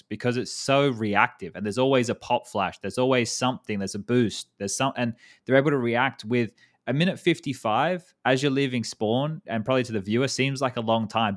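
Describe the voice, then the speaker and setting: A man in his thirties hosting a casual esports chat, rambling, swearing casually and restarting his sentences. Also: mid-range voice. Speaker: podcast host.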